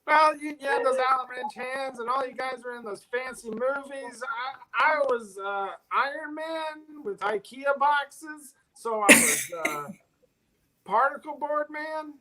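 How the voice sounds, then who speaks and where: A woman's voice: high-pitched, unhurried, a crowd in the background, poor audio. A woman improvising a comic bit in a playful way with hesitant fillers. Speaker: improv player.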